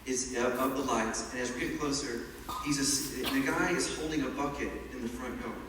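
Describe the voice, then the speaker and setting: A man telling a lively personal story to an audience in an echoey hall, recorded from far off with loud ambient noise behind. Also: mid-range voice, a little fast. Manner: animated, chatty, laughing at his own story.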